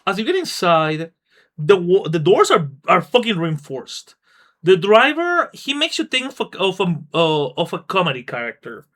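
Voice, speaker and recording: A man narrates a tabletop role-playing game as game master on a live stream. He talks loosely and rambles, his high voice sounds bright and moves up and down a lot. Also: very animated, normal speed. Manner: rambling, loose, laughs at own jokes.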